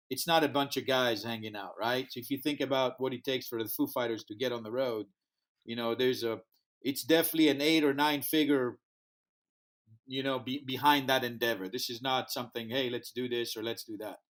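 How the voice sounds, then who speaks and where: A man's voice: mid-range voice, brisk. A man who speaks English as a second language, telling a story in a podcast interview and acting out the voices of the people in it. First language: not English. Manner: animated storyteller acting out dialogue. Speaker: music festival founder, guest.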